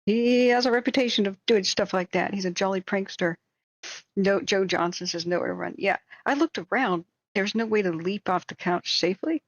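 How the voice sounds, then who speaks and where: A woman's voice: mid-range voice, moderate pace, dry recording. Woman streamer rambling thru a story, acts out the lines, bit muffled, dry sound. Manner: animated, rambling, acts out quotes with shrieks and laughs. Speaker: livestream host. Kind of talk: casual storytelling on a livestream.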